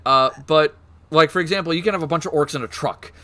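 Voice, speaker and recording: Excitable man chatting on stream. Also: fairly high pitch, quick pace. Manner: excitable, swears, restarts and laughs often. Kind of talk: casual stream chat about game lore.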